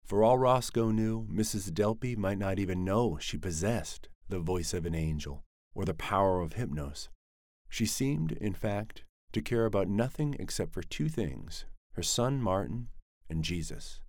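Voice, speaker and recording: A man with a very low, deep voice reads a novel aloud in an even, measured storytelling manner. The recording is dry and close, with no room sound around him. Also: dry recording. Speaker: narrator. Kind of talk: scripted audiobook narration.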